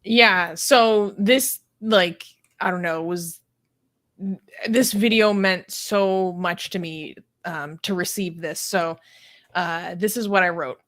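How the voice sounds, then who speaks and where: A woman's voice: on the low side, slow, a bit bright. A woman hosting a casual online chat, speaking in an earnest, heartfelt way with many filler words. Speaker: host, leader of an atheist community.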